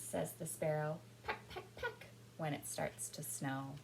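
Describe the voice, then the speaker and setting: A woman leads young children through a storytime, reading aloud and calling out actions to do together. Her pitch climbs and dips with lots of life, and she drops to soft whispers before rising to loud calls. A faint noise sits under her voice. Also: big pitch swings, measured pace, low-quality recording.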